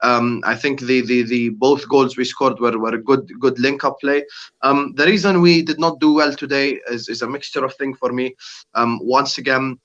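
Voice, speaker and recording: Blunt man with a bright, muffled voice. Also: medium pitch, fairly even intonation, moderate pace. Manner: blunt, exasperated, repeats himself. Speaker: football podcast panelist. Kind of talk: casual football chat.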